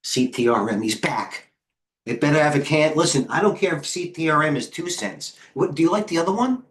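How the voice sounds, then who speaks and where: Fairly quick and fairly bright, this middle-aged man's voice runs on the high side as he hosts a live trading stream. He's breathless, rambling and joking in a self-deprecating way, muttering to himself along the way.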